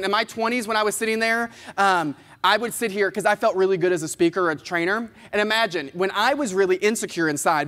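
A man, giving an animated, playful motivational keynote and talking straight to the audience. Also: high voice. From Kentucky, US. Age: 30s. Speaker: keynote speaker. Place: large conference hall. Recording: long hall reverb.

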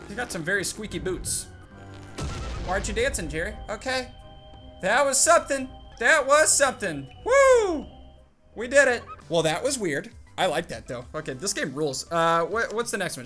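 A young man giving jokey, excited commentary as he plays a game, chatting to his companion and yelping at scares. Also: sits high, normal speed, over music. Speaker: gaming YouTuber. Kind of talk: excited let's-play commentary.

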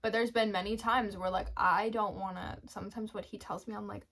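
A woman talking casually about her faith, speaking straight to her listeners in a chatty, unscripted way. She laughs often and slips into little acted-out bits of her own inner voice. Her pitch sits in the middle for a woman. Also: fairly even intonation, a little fast, a bit bright. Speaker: Christian devotional vlogger. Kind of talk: casual faith talk to camera.

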